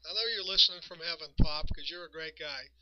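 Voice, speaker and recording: A man's voice: a little high, steady tone, fast, dull audio, background noise. A man hosting a radio show, telling rambling, chuckling anecdotes. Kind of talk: nostalgic storytelling monologue.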